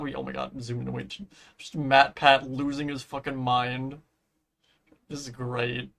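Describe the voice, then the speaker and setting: A man with a mid-range, fairly bright voice chats casually on a live stream while building in a game. He rambles, hums to himself, and swears offhand as his voice gives out.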